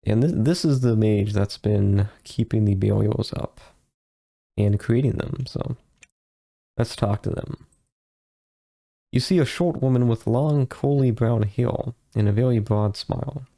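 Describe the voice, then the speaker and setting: Give me a man with a dark, gravelly voice casually narrating a game, hesitant and rambling. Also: lowish voice, unhurried. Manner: rambling, hesitant with fillers and restarts. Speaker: let's play host. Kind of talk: casual gameplay commentary.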